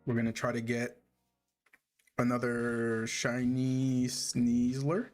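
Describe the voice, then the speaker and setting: Guy streaming, chatty and easygoing, got the hiccups, clears his throat a lot, faint music under him. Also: medium pitch, takes it slowly. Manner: relaxed, chatty, answers chat questions. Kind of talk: casual gaming livestream chat.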